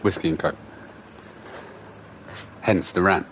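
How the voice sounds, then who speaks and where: A man's voice: low-pitched, slow, slight background noise. Swearing man ranting on a stream. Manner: profane, animated storyteller. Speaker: gaming streamer. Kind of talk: casual livestream rant.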